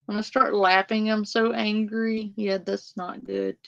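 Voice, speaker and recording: Slow-talking, profane woman ranting. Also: medium pitch, vocal fry, fairly bright tone, no echo, highs cut off. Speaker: reaction streamer. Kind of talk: live reaction rant.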